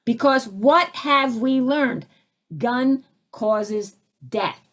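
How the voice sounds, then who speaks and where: A woman's voice: fairly high pitch, extremely slow, a bit bright. A woman spiritual teacher answering audience questions, who acts out little scenes with sudden swings in her voice.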